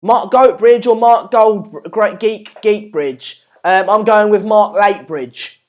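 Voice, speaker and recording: A man's voice: high-pitched, slow pace, a little mellow, dull audio. A man with an English accent hosting a live stream, chatting casually and reading out viewer comments in a rambling, jokey, self-deprecating way. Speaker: livestream host.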